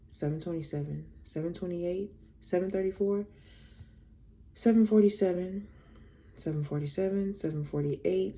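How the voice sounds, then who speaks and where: A young woman with a deep, dark-toned voice tells a casual storytime to her viewers. She reads out text messages and is candid and blunt, swearing freely.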